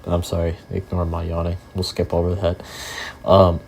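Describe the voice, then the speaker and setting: A man's voice: sits low, monotone, normal speed, gravelly, darkish tone, a little hiss or hum. A young man hosting his own gaming channel, chatting casually over gameplay in a rambling, filler-heavy way with casual swearing.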